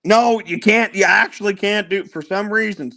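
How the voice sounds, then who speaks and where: A man's voice: high voice, normal speed, vocal fry, pushed and bright, dry recording. A man, a stand-up comedian guest on a live panel, talking brashly and swearing freely. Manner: brash, profane, blunt. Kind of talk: casual panel banter.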